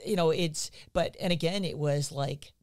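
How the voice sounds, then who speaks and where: A middle-aged woman dog training instructor in a casual podcast chat, speaking in a measured, affirming way with fillers. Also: low voice, darkish tone.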